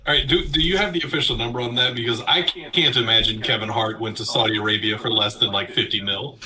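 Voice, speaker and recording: Podcast guy calmly disagreeing, really bright sharp voice. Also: mid-range voice, fast talker, low-quality recording. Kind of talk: casual chat.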